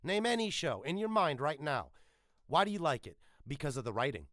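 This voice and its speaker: A man's voice: on the high side, very animated, brisk, a bit bright, dry recording, clean studio sound. A man, a voice actor, talking casually and emphatically in an interview, swearing freely. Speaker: voice actor guest.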